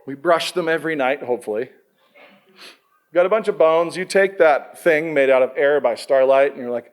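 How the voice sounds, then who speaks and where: A man's voice: on the high side, moderate pace. A middle-aged man giving a conversational sermon to students, quizzing his listeners as he goes. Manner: lively, conversational, quizzes the audience. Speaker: pastor.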